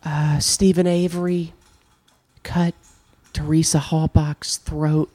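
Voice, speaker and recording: A man doing a crude parody impression of a lewd, bumbling middle-aged male prosecutor, speaking slowly and drawing out his words. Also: on the high side, little pitch movement, mellow, no echo. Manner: slow, drawn-out, crude parody delivery.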